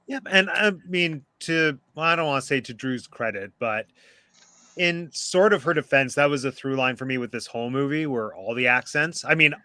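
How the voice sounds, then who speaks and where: A man leads a relaxed group conversation about a film over a video call. His voice has a bright, forward edge and sounds close and dry, with no room around it. He talks easily, with plenty of filler words. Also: mid-range voice, normal speed, no room sound. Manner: chatty, relaxed, hedges with "like" and "um". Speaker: host of a movie discussion. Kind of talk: casual group chat on a live video call.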